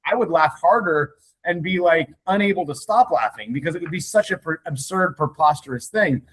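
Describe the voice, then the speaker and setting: A man's voice: fairly high pitch, expressive, brisk, a bit bright, husky, poor audio. A man in a casual group discussion, rambling and swearing freely, with frequent laughter. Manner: profane, rambling, laughs often. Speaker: meeting participant.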